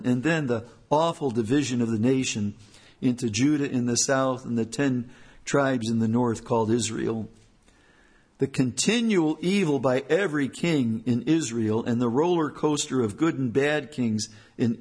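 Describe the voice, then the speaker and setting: A man's voice: medium pitch, darkish tone, breathy edge. A man, a church elder, preaching an earnest sermon with emphatic repetition.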